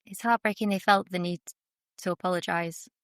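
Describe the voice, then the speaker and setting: A woman's voice: fairly low pitch, steady tone, fairly quick, a bit bright, no echo, clean studio sound. A woman co-hosting a podcast, asking casual, chatty questions. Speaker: podcast co-host. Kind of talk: casual interview chat.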